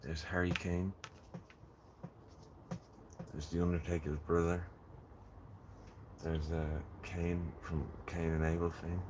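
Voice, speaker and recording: A man's voice: sits low, flat delivery, slow pace, long pauses, background noise. A man chatting casually on a gardening live stream, rambling and joking with viewers from his greenhouse. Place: in a greenhouse in the rain.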